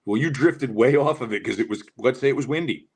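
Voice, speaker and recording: A man's voice: medium pitch, fairly quick, husky. A man on a live fishing show telling long, winding stories that he peppers with swearing. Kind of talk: casual live show chat.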